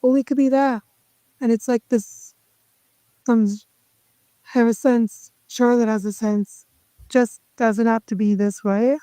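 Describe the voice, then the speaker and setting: Higher-voiced thoughtful woman. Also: steady tone, slow, long pauses, warm tone, clean tone, no room sound, rough recording.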